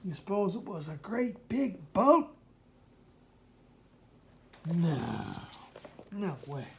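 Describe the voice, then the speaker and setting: Woman, unhurried storybook reader for a small child, playful sound mimicry, faint hiss behind. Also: medium pitch, very animated. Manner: playful, mimics sounds and asks the listener questions. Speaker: reader reading a picture book to a child. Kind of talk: reading a children's book aloud.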